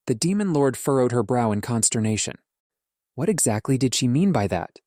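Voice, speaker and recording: A man's voice: medium pitch, sing-song, moderate pace, darkish tone, no room sound. Man narrating an audiobook in a dry, close voice. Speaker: audiobook reader. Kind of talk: first-person audiobook narration.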